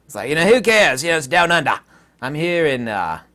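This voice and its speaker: A man's voice: fairly high pitch, very animated, fairly quick, sharp tone. A man from the United States talking straight to his viewers in an emphatic, ranting monologue. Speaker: vlogger. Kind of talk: casual monologue to camera.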